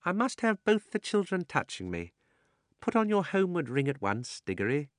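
A fussy old gentleman speaks in a pompous, wheedling way and stays cunning underneath, as a man puts him on. The voice lifts well above the reader's own. The sound is dry. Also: a little high, wildly swooping pitch, normal speed, dry recording, pitched above the performer's own voice.

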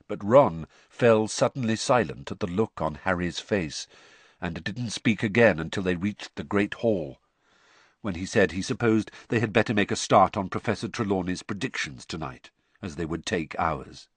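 Expressive male audiobook narrator. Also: on the low side, normal speed, no room sound.

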